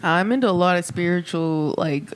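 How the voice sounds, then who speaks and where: A woman's voice: lowish voice, moderate pace, a little hiss or hum. A woman co-hosting a casual podcast, talking in a laid-back, slangy way. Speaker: podcast co-host. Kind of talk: casual chat.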